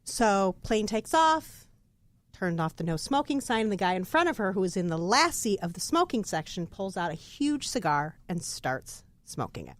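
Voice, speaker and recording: Animated woman telling a joke. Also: medium pitch, moderate pace, no room sound. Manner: animated storyteller. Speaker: podcast co-host. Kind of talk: casual chat, telling a joke.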